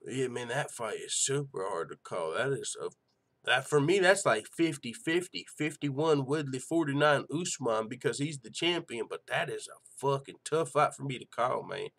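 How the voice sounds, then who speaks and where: A live-stream host with a mid-range voice reads chat aloud at a normal speed. His casual delivery is excitable and profane, with lots of rhetorical questions.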